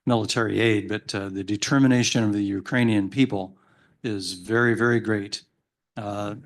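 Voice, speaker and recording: Low-voiced hesitant man moderating a panel. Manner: halting, many uh fillers. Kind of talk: public panel discussion. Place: event hall with audience.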